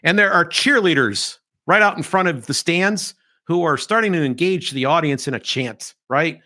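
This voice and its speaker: A middle-aged man hosting a podcast, giving opinionated commentary in an animated, mocking way and sometimes mimicking others. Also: a little high, normal speed. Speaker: podcast host.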